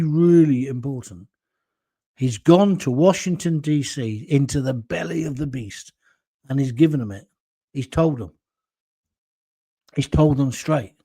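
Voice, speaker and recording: A man's voice: mid-range voice, darkish tone, dry recording. A middle-aged British man with a blunt, jokey manner, hosting a casual solo commentary show and reading out viewer comments. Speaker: show host.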